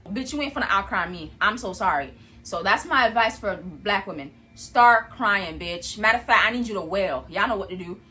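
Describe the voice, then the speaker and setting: A woman vlogger talking in a blunt, profane and animated rant, speaking indoors in a room at home. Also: mid-range voice, normal speed. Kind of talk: casual commentary rant.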